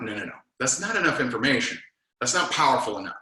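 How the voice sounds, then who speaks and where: A man runs a casual sales coaching talk in a bright, forceful voice. He tells stories animatedly and plays both himself and his prospects. The sound carries a roomy echo. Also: mid-range voice, quick pace. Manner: animated storyteller, acts out both sides of conversations. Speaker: network marketing trainer.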